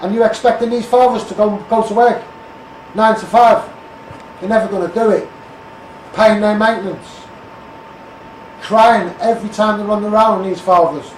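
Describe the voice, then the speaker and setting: In a ranting political monologue, this Scouse-accented male street campaigner bluntly and repetitively calls people out by name, asking what they'll do about it. He speaks at normal speed with frequent pauses, in a high voice with fairly even intonation, recorded distantly in a roomy space with slight hiss or hum.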